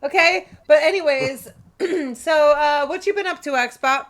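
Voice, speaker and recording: A woman hosting a casual gaming podcast, teasing her guests and laughing easily. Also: sits high. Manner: laughing, teasing, quick to curse. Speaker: podcast host.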